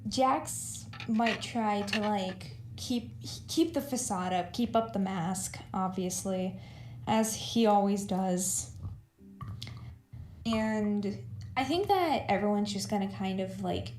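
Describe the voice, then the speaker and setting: A sleepy woman streamer chatting while she draws, rambling and halting with many fillers. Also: mid-range voice, darkish tone, roomy sound. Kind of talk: casual chat while drawing.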